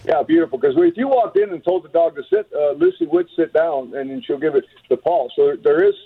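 A man's voice: a little high, big pitch swings, fast talker, slightly rough. A man calling in to a radio show, hesitant and full of fillers as he explains his problem. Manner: hesitant, many fillers and restarts. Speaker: caller. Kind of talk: phone call-in. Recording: tinny phone line.

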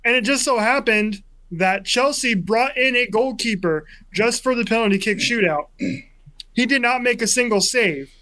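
A man's voice: very high voice, normal speed. Chatty man talking sports. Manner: chatty, animated storytelling. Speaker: sports radio co-host. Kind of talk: casual sports talk.

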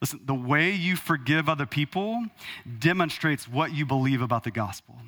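A man in his thirties preaching a sermon from the pulpit, animated and rhetorical, calling out to the congregation. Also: on the high side, moderate pace. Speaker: pastor. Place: church hall. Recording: long hall reverb.

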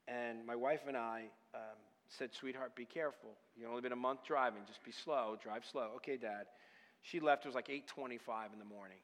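A man preaching a sermon, telling a personal story and building from quiet storytelling to loud, passionate crying out. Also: medium pitch, steady tone, brisk. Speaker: pastor. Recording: hall with long reverb.

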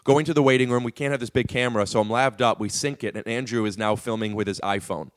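A man's voice: medium pitch, steady tone, fast. A man guesting on a podcast, telling rambling, profane stories with lots of fillers. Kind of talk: casual storytelling.

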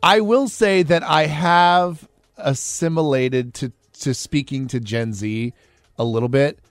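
A man's voice: on the high side, takes it slowly, clean tone, no echo. Self-deprecating man radio co-host. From Iowa, US. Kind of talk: casual radio banter. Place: radio studio. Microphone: studio mic.

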